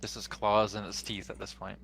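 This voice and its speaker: Brief: man, dungeon master, lowish voice, hesitant narration, noisy online recording. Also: level tone, vocal fry, fairly bright tone. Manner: halting, filler-heavy narration. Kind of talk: narrating a tabletop game.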